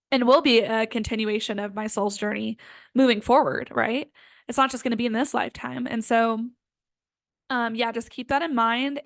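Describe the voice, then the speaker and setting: A slightly bright, fairly high female voice with vocal fry and no echo. She's a spiritual healing coach in her twenties, giving an earnest, casual self-help talk packed with "like" and "um."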